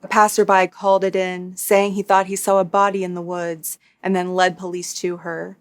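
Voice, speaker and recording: A woman hosting a true crime recap, reading a scripted narration in a steady, matter-of-fact way with dry asides. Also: fairly low pitch, moderate pace. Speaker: true crime YouTuber host.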